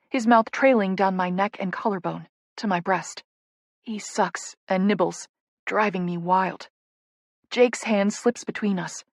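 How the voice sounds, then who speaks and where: A woman's voice: mid-range voice, no echo. A woman narrating a first-person romance audiobook in an intimate, playful way, on a close studio mic.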